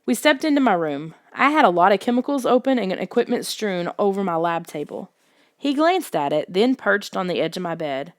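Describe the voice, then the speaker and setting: A woman narrating a children's story in the first person with expressive storytelling. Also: mid-range voice, moderate pace, dry recording, clean studio sound. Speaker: audiobook narrator.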